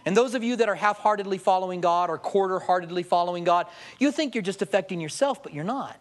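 High-pitched and quick-paced, a man preaches a sermon as a pastor. He weaves in humorous storytelling and brings quotes to life by acting them out.

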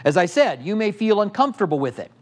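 A man's voice: high-pitched, very animated, quick pace. A middle-aged male pastor teaching a sermon with passion, firing off rhetorical questions at the congregation.

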